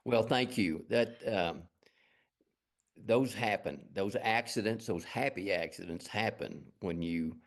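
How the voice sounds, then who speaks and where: Middle-aged West Texas man, low voice, folksy rambling storyteller, interview guest. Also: takes it slowly. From Lubbock, Texas. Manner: rambling, folksy, self-deprecating. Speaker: guest artist.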